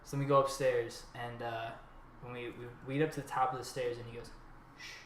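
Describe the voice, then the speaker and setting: A man co-hosting a podcast, telling an animated story in casual chat, swearing freely and acting out what others said. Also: mid-range voice, quick pace. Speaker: podcast co-host. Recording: echoey room, faint noise.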